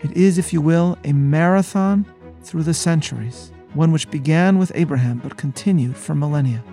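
A man hosting a scripted Bible lesson, speaking in a measured, scholarly, sermon-like way. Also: on the high side, mellow, faint music behind. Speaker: host and rabbi.

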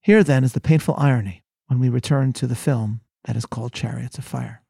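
A male rabbi delivers a measured sermon-style lecture. His voice is gravelly and mellow, with a husky edge. He reads quotations with dramatic emphasis. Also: medium pitch, no room sound.

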